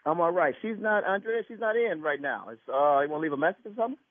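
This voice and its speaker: A man's voice: fairly high pitch, animated, fast talker, no echo. Indignant man on a phone line. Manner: indignant, repeats himself, talks over the caller. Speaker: prank call target, husband.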